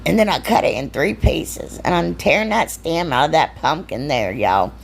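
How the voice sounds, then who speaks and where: A woman's voice: low voice, big pitch swings, moderate pace, vocal fry. A woman, narrating her own craft video in a chatty, giggly, self-deprecating way. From Ohio, US. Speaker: DIY crafter, channel host. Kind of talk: casual crafting voice-over.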